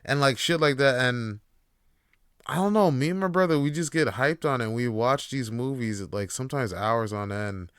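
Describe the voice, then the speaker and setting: A man's voice: mid-range voice, normal speed, fairly bright tone, smooth, no room sound, studio quality. A young man hosting a podcast in a laid-back, profane monologue full of fillers. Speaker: podcast host. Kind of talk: casual monologue.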